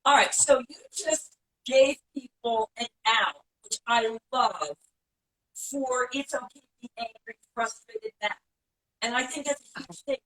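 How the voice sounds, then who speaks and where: Middle-aged woman host, high bright voice, animated and playful, casual interview chat. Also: a little slow, rough recording.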